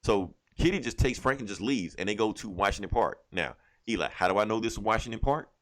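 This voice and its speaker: A man's voice: on the low side, expressive, fast talker, fairly bright tone. A man co-hosting a casual podcast, animatedly retelling a comic plot and acting out the characters' lines with plenty of cursing. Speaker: podcast co-host. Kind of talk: casual comic book review chat.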